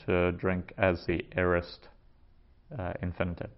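A man teaching a Greek vocabulary lesson, saying each word slowly and twice, then explaining it. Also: deep voice, expressive. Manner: slow, careful pronunciation with repetition. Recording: dull lo-fi recording.

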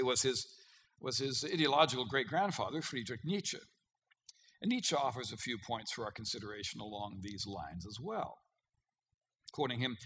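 A man preaching a sermon in a conversational, emphatic way, often pausing with fillers and pushing hard on key words. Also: mid-range voice, bright, forceful tone, slight background noise.

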